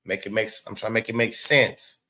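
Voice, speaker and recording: A man hosting a show, giving loose, excitable live reaction commentary with lots of swearing and laughing asides. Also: on the low side, a little fast. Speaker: show host.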